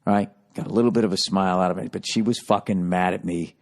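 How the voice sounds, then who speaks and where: A man hosting a comedy podcast, telling a profane, self-mocking story that swings from low mumbling to loud outbursts. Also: fairly even intonation, fast. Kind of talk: casual storytelling monologue.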